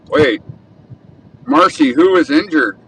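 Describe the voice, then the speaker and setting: A man's voice: on the high side, huge pitch swings, slow, gravelly, fairly bright tone. A man hosting a casual livestream while driving, chatting and reading viewer comments aloud. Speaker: livestream host. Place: in a car on city roads. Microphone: phone held in car. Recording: distant phone mic with road noise. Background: traffic noise.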